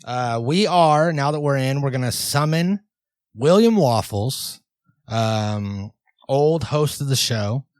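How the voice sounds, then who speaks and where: Deadpan male podcast co-host, dry close sound. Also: mid-range voice, takes it slowly, no room sound. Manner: deadpan, mock-serious, filler-heavy. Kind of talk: casual comedic podcast chat.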